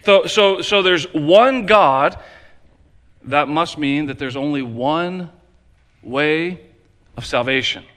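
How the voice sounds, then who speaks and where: Pastor, male, slow emphatic preaching, rises and drops in volume, church sanctuary with long reverb. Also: on the high side. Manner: emphatic preaching with repeated phrases, varying loud and soft. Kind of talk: sermon.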